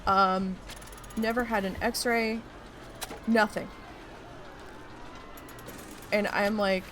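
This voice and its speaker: A woman streamer telling a story in a casual, animated, exasperated way, with lots of swearing, while she plays a park-building game. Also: medium pitch, slow, pauses often, slight background noise.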